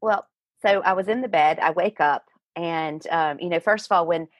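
A middle-aged woman, a guest in an interview, telling a personal story in an earnest, animated way. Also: on the low side, moderate pace, no echo. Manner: earnest, animated retelling with acted quotes.

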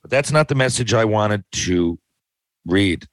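A man with a lowish voice rambles through casual podcast chat, swearing often and taking a dry, sardonic tone. His voice sits close to the mic in a dead, dry room. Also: lively intonation, measured pace, dry recording. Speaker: podcast host.

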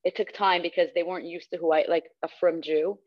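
Young female guest, storyteller who acts out quotes, low-ish voice, dull recording. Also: steady tone, fast. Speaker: guest, radio host. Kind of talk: casual storytelling in an interview. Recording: slightly muffled recording.

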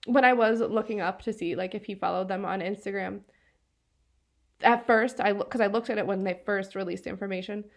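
A woman's voice: mid-range voice, steady tone, fairly quick, vocal fry. A woman from northeastern Pennsylvania co-hosting a true-crime podcast, chatting casually with lots of fillers. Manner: chatty, filler-heavy, laughs often. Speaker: podcast co-host.

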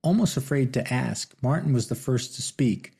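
A man narrating an audiobook novel with steady, measured storytelling. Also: medium pitch, creaky, slightly rough. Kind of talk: scripted narration.

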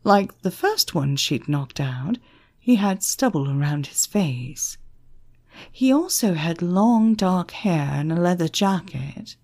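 A woman narrating an audiobook in an expressive, measured storytelling manner. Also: on the low side.

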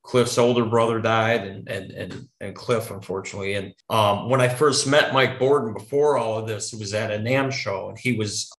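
A man's voice: fairly low pitch, normal speed, few pauses, a bit bright. A man guest telling a story in casual conversation, rambling with frequent restarts and some swearing. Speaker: podcast guest. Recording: echoey room.

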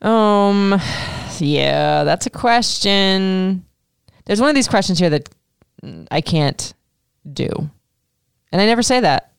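A woman's voice: mid-range voice, expressive, slow, gravelly, pauses often, clean tone, dry recording, clean studio sound. A woman in her thirties hosting a podcast, chatting casually through listener questions with lots of fillers and casual swearing. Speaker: podcast host.

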